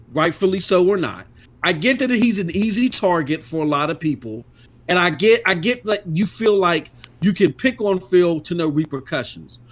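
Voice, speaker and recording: A blunt middle-aged man holds forth on a casual gaming podcast, his voice sitting a touch high. He talks emphatically and drops curse words without a second thought. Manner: blunt, emphatic, swears freely. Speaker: podcast co-host.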